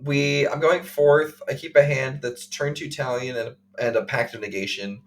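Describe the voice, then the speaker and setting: A man co-hosting a podcast, recounting a game play by play in casual chat, full of fillers and quick acted quotes. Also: mid-range voice, fairly even intonation, faint music behind. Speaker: podcast co-host.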